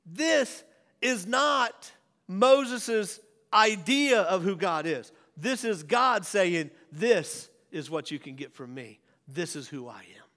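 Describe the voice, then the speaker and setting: A male pastor preaching a sermon, swinging from raised declarations to hushed near-whispers. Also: high voice, animated, takes it slowly. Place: church sanctuary. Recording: church hall reverb.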